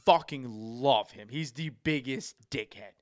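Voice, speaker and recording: A man's voice: medium pitch, a little slow, dry recording, studio quality. An American man hosting a podcast, telling a long travel story in casual chat, swearing often and rambling. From United States. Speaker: podcast host.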